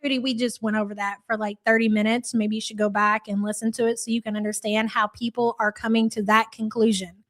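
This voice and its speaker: On her live reaction stream, the host reads out viewer messages and keeps up a sarcastic commentary. Her fairly high, fairly bright voice stays fairly flat in pitch and moves fairly quickly.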